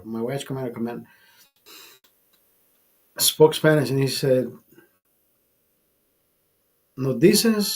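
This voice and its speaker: A man's voice: mid-range voice, a little mellow. A man hosting a casual show, telling a long rambling anecdote full of swearing and acted-out quotes. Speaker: host. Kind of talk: casual storytelling chat.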